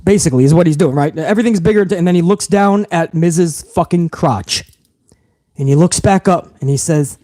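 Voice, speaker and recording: A man's voice: on the high side, dark tone, no echo. A man hosting a wrestling podcast, recapping the show in a heated, profane rant full of incredulous repeats. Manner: heated, swearing, incredulous, talks over himself with repeats.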